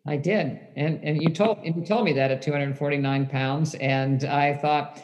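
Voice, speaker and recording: A doctor hosting the conversation and asking brisk, prompting questions. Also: medium pitch, fairly even intonation, a little mellow, in a large hall, muffled recording. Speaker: doctor host. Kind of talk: interview questions.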